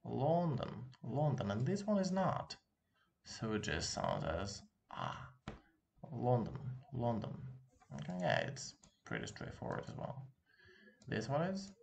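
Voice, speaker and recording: A man's voice: fairly low pitch, huge pitch swings, unhurried, gravelly, pauses often, slight background noise. A man with a Russian accent, a native Russian speaker, teaching a casual online language lesson and patiently repeating words for practice. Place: room with open window, street noise behind.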